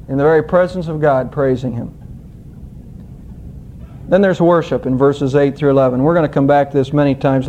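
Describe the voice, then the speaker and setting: A male pastor preaching a sermon, teaching scripture with an expressive, emphatic storytelling manner. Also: a little high, lo-fi sound, slight background noise.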